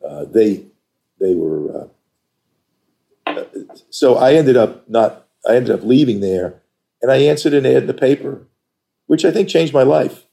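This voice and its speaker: An older man from New York, an interview guest telling stories about his career in an animated, emphatic way. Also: medium pitch, a little slow, gravelly, pauses often. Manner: animated, emphatic storyteller who acts out quoted dialogue. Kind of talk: conversational storytelling.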